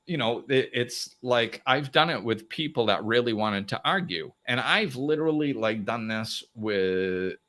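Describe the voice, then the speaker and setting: A man's voice: mid-range voice, a little slow, hardly any pauses. A man hosting a live motivational talk, speaking plainly and acting out little dialogues. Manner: animated, acts out little dialogues, plain-spoken. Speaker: host.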